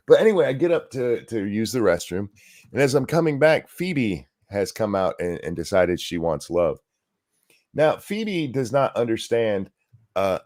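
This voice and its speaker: A low-voiced man hosts a casual chat show, unhurried and loose, telling stories with plenty of swearing. He sounds sore and short on sleep. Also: very animated, a little mellow. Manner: laid-back storytelling, swearing freely. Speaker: podcast host.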